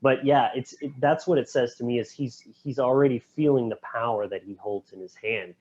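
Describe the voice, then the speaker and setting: A man co-hosting a podcast, retelling film scenes in an animated way with quick voice impressions. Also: mid-range voice, husky. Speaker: podcast co-host. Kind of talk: casual film discussion. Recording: dull, lo-fi podcast audio.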